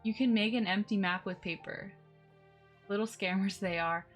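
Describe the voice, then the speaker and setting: A woman's voice: medium pitch, fairly even intonation, moderate pace, soft background music. A woman live streaming a game, chatting casually with her viewers and coaxing her in-game animals along with little exclamations.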